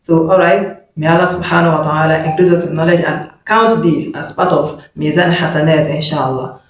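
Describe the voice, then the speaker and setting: A man's voice: on the high side, fairly quick. A man giving an online lesson, patiently repeating each letter sound for learners to copy. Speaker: Arabic teacher. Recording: very echoey room, mic far off.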